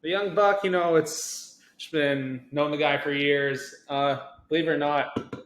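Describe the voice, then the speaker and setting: A man's voice: fairly high pitch, fairly even intonation, unhurried, a bit bright. A man co-hosting a podcast, chiming in with short laid-back remarks in casual chat. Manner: laid-back, short interjections, laughs along. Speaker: podcast co-host. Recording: roomy echo with faint noise.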